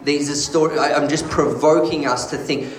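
Male pastor, slightly high voice, animated sermon storyteller, roomy echo. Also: normal speed, a little hiss or hum.

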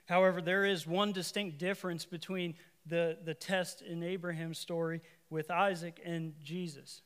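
A man's voice: fairly high pitch, level tone, moderate pace, a bit bright, clear, resonant tone. A man preaching a sermon in a conversational way, making asides to the congregation and correcting himself, then pressing points with emphatic repeated lines.

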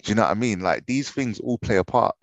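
A young man co-hosting a football podcast, relaxed and chatty, often restarting his sentences. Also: on the low side, fast, no room sound, lo-fi sound. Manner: relaxed, laughing, hesitant restarts. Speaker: podcast co-host. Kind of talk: casual football chat.

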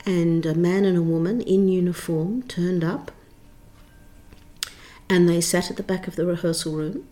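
A middle-aged woman tells a long story as an interview guest. Her voice sits a little low for a woman, and she speaks expressively, leaning on key words and often restarting her sentences. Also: moderate pace, mellow. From Australia. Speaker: theatre director and writer, interview guest.

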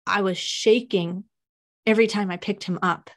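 Young woman, podcast host, personal story, halting, emotional, mid-range voice. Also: mid-range voice, fairly even intonation.

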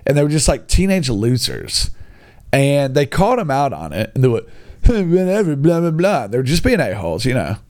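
A man's voice: mid-range voice, brisk. Young guy ranting through a funny story, voice all over the place, goofy and rambling. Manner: rambling, animated, mocking quoted voices. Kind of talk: comedic storytelling monologue.

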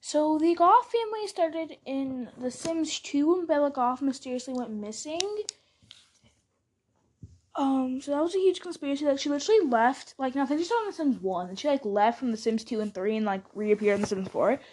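In these casual solo podcast bloopers, a young woman at home speaks at normal speed in a high, slightly mellow voice with lively intonation, over slight background noise. Chatty and scattered, she frequently interrupts herself and restarts.

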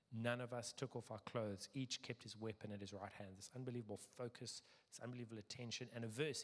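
A middle-aged man preaching a sermon as pastor, lively, acting out quoted voices with sudden jumps in pitch. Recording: long hall reverb.

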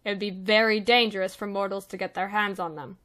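A woman voicing a calm, manipulative male devil, smooth and quiet. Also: mid-range voice, a little fast, natural voice. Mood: smooth menace.

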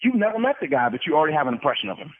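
A man from the Ohio Valley calls in to a radio talk show as a guest, talking fast in a fairly high voice. He is energetic, stumbles over repeated words and acts out quick dialogues. The sound is a dry, tinny phone line with a husky edge. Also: no room sound. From Ohio Valley, USA. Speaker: guest sales expert. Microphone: telephone.

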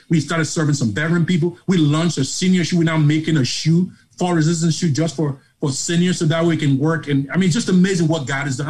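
A middle-aged man with a Nigerian accent, a charity founder telling his story as an interview guest in a passionate, preacher-like way that swings from hushed to loud. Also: a little high, husky, rough recording. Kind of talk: emotional motivational storytelling.

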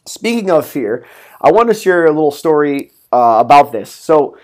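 A man's voice: a little high, sing-song, moderate pace. A young man hosting his own podcast in a casual solo talk, upbeat and rambling with lots of fillers and laughs. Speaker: podcast host.

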